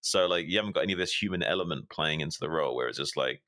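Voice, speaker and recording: A man's voice: extremely low pitch, rapid-fire, sharp tone. A man in casual podcast chat, ranting animatedly with opinions and swearing. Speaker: podcast co-host.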